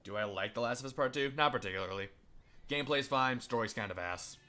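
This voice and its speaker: A man's voice: medium pitch, fast, bright, forceful tone. A man streaming a game, chatting casually with viewers, swearing and laughing between lines. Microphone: headset or desk mic.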